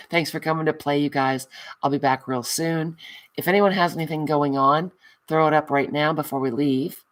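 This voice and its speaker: Woman host wrapping up a craft livestream: affectionate, self-mocking, chatting back to viewers. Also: low-pitched. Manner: chatty, reads out and answers viewer comments; affectionate, calls viewers honey. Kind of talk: casual livestream chat.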